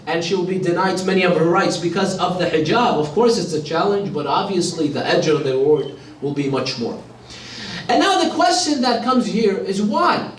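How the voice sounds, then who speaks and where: Impassioned high-voiced male lecturer, echoey hall. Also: a little hiss or hum. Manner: impassioned, repeats phrases for emphasis. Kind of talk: religious lecture. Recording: echoey hall, mic at a distance.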